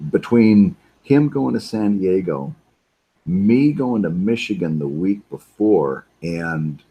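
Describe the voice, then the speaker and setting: A middle-aged man with a low, husky voice talks loosely over a live drawing stream. He rambles, doubles back on his words and reads chat messages aloud between thoughts. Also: mellow. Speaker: webcomic artist livestreaming. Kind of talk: casual livestream chat while drawing. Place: home studio.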